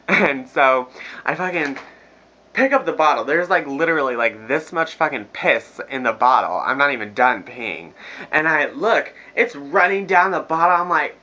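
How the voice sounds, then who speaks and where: A man's voice: a little high, sharp tone, dull audio. A young man telling a crude story to his viewers in a casual, profane, laughing rant. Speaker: vlogger. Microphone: phone camera.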